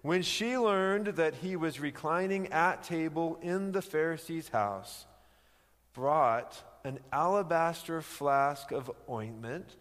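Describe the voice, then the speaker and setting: A man's voice: a little high, lively intonation, slow, fairly bright tone. A man preaching a sermon, teaching conversationally with emphatic rhetorical questions. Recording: long hall reverb.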